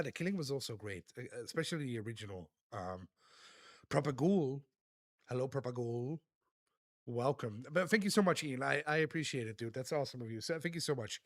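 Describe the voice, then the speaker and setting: A man's voice: medium pitch, no room sound, studio quality. Casual man chatting with his viewers. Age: adult. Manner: reads chat aloud, laughs often, thanks viewers. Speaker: streamer. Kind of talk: casual live-stream chat.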